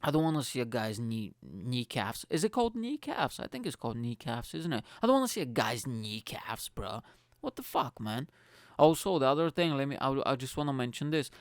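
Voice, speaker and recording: A man hosting his own podcast from his attic room, talking in an excitable, profane, joking monologue. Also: medium pitch, fairly quick, dry recording. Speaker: podcast host. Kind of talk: casual solo podcast monologue.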